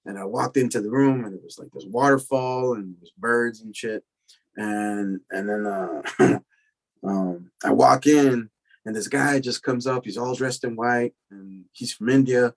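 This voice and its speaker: A man's voice: medium pitch, unhurried, low-quality recording. Casual, profane man telling his recovery story. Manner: casual, profane, animated retelling with acted quotes. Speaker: recovery lecture speaker. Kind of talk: personal storytelling talk.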